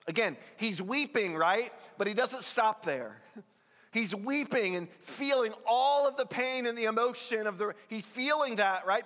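A man's voice: fairly high pitch, fairly bright tone, long reverb tail. A male pastor giving an earnest, conversational sermon, rising with emphasis on key points.

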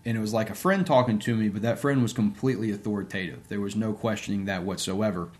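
A man's voice: fairly low pitch, quick pace, a little mellow. A man, an interview guest and sports coach, telling a personal story in a casual, conversational way with many fillers.

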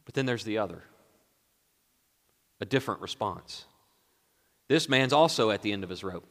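A male pastor preaching a sermon, moving between hushed, quiet lines and raised, emphatic passages. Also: lowish voice, lively intonation, moderate pace, big-room sound.

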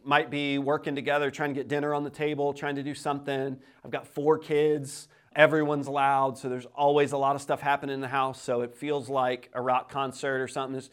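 Guy pastor in his 30s preaching, kinda high voice, really animated, repeats words a lot. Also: clear, resonant tone. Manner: lively, animated storytelling with quoted voices; repeats words when starting sentences. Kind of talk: sermon.

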